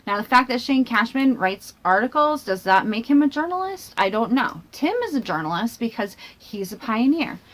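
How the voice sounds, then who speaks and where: Woman vlogger, fairly high voice, rambling, thinks out loud, tangents, self-mocking, laptop camera. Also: very animated, normal speed, few pauses. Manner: chatty and self-mocking, laughs between phrases. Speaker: vlogger and channel host. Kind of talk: casual talking-to-camera commentary.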